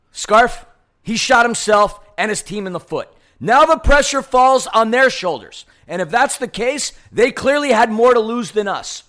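High, animated man ranting on a podcast. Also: unhurried. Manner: loud, heated, theatrical. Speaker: podcast co-host. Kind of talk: fired-up fan podcast rant. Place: studio.

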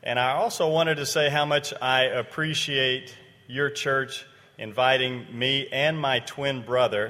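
A man's voice: mid-range voice, sharp tone. A man giving a mission report to a church, telling stories earnestly and with animation. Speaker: missionary speaker. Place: church sanctuary. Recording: echoey church hall.

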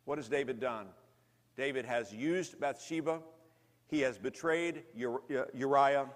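A man preaching a sermon, telling a story dramatically, rising to loud intensity and dropping to hushed, slow lows. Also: in a large hall.

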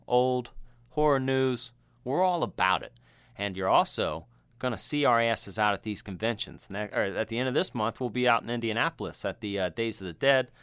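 A man co-hosting a casual podcast chat, animated and often laughing, acting out the people he tells about. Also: mid-range voice, smooth, no room sound. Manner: animated, laughing, acts out quoted voices. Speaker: podcast co-host.

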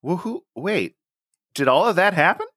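A man's voice: high-pitched, normal speed, no room sound, studio quality. A man co-hosting a casual movie review chat, joking and laughing often. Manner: animated, jokey, laughs a lot. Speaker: podcast co-host.

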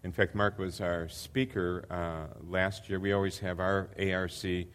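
In a low, steady, smooth voice that's a bit bright and a little slow, an older man gives a sermon as a visiting pastor. He comes across earnest but hesitant, full of fillers, and works up to emphatic repetition.

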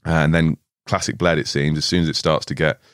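Very deep-voiced young man, swearing. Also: flat delivery, brisk, smooth, no echo, clean studio sound. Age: 20s. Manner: laid-back, swears often, laughs through stories. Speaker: podcast guest. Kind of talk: casual storytelling chat. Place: podcast studio.

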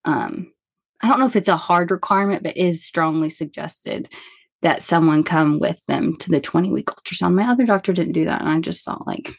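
A woman in her thirties, a counselor guest on a podcast, telling a personal story in a chatty, animated way full of fillers. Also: fairly low pitch, brisk, vocal fry, husky, no echo.

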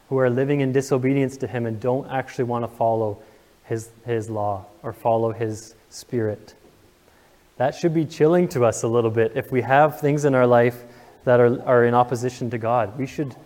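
A young pastor preaches earnestly and emotionally to his congregation in a church sanctuary, asking the room questions. His mid-range voice is a little mellow, and the sound carries the echo of a large hall.

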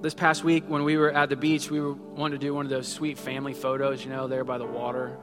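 A man's voice: mid-range voice, completely flat delivery, fast talker. A man in his thirties preaching a sermon in a conversational way, acting out little quotes as he goes. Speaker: pastor. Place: church sanctuary. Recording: long hall reverb with faint music.

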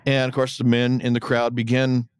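A man co-hosting a podcast, recapping episode scenes in casual chat and now and then mimicking characters in a higher voice. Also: monotone, moderate pace, clear, resonant tone, no echo, studio quality. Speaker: podcast co-host.

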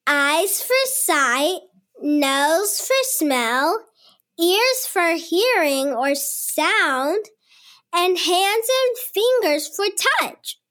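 A woman's voice: extremely high pitch, sing-song, drawn-out words, a bit bright, exaggerated voice. A woman voicing an eager, cheerful, curious little girl in a children's cartoon. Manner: eager and bubbly.

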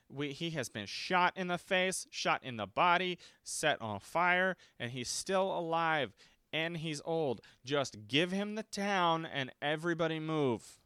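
A man's voice: fairly high pitch, sharp tone, clear, resonant tone, no room sound. A man from Texas, talking casually at home into a close mic, ranting sarcastically about a horror movie and acting out quotes in mocking voices. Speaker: podcast host reviewing a horror movie.

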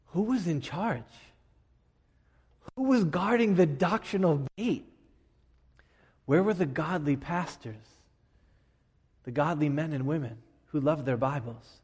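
Slow emphatic preacher in a big hall. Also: male voice, a little high, expressive, husky. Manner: emphatic, dramatic pauses, swings between loud and hushed. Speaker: pastor. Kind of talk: sermon. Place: church sanctuary. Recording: long reverb of a large hall.

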